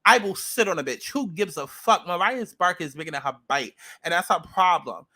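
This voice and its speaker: High-voiced sassy New man. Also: expressive, normal speed, bright, forceful tone. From New York. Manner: blunt, profane, sassy. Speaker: reality show reviewer. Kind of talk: ranting commentary.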